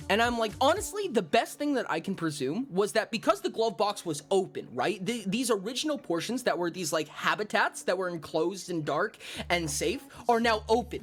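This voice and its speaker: A man telling a story in casual stream chat, animated and profane, with lots of exclamations. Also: high voice. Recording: faint music in background.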